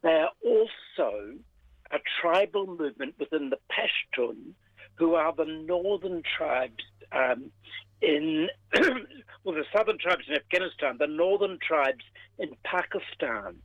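A man's voice: a little high, lively intonation, no room sound. Older man explaining on a tinny phone line. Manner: measured, explanatory, with pauses and fillers. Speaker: professor emeritus, regular radio guest. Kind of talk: radio interview over the phone.

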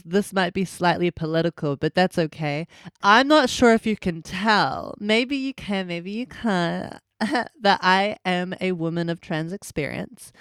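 A woman's voice: lowish voice, clean tone, no room sound, studio quality. A woman musician chatting casually in an interview, full of fillers and restarts. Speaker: musician guest.

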